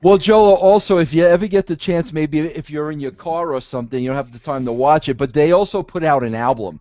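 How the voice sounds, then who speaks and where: A man on a casual podcast call, talking excitedly in rambling stories and saying "bro" constantly. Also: on the high side, brisk, dry recording, muffled recording.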